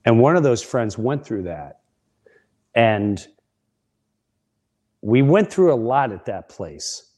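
Middle-aged man, comedian host, unhurried, rambling, casual storytelling, mid-pitched. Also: big pitch swings, mellow. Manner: rambling, with frequent restarts.

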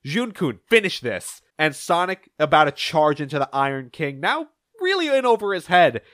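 A young man hosting a podcast, recapping comic issues and acting out the characters' lines in quick shifting voices. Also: no echo, clean studio sound. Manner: animated, acts out characters' lines in shifting pitch. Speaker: podcast host.

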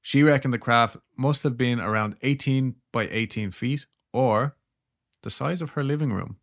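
A podcast co-host casually retells a story, joking, laid-back, and trailing off into laughter. His mid-range voice moves at a moderate pace.

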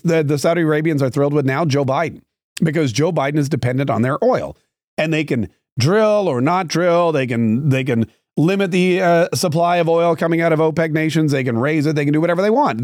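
A man's voice: fairly high pitch, a little mellow, no echo, clean studio sound. A man hosting a political podcast, giving sarcastic, rambling opinion commentary with frequent restarts.

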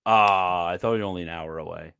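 A man's voice: low-pitched, fast talker, vocal fry, a bit bright, clean tone, no room sound. A man from Maryland with a Maryland accent, hosting a casual livestream chat in a rambling, laid-back way full of fillers. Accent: Maryland American. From Maryland, USA. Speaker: show host.

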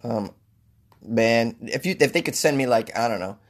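Medium in pitch and moderate in pace, a male podcast host delivers a loose comedic monologue. He riffs and rambles with plenty of jokes and self-deprecating asides.

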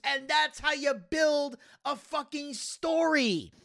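High, gravelly-voiced man ranting profanely. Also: slow pace, few pauses, bright, forceful tone. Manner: argues in rhetorical questions. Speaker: podcast co-host. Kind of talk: casual podcast chat.

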